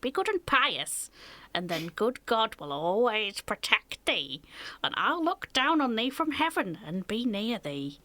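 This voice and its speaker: A woman voicing a pious dying mother in a fairy tale, in a slow, solemn reading. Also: fairly high pitch, sing-song, pushed and bright, dry recording, full character voice. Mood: tender. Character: dying pious mother, gentle, blessing her child.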